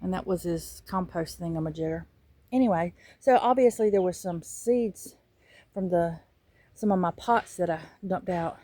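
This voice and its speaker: A woman with a Southern accent films a casual, joking tour of her backyard garden, chickens and all, on a handheld phone. Her fairly low voice moves at a moderate pace on a dry recording, and she goes from muttering to loud exclamations in an animated, chatty way.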